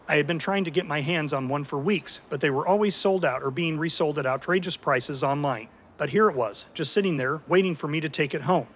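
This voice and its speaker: A man narrating a story in an even, scripted way, as the host of a story channel. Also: on the high side, a little hiss or hum.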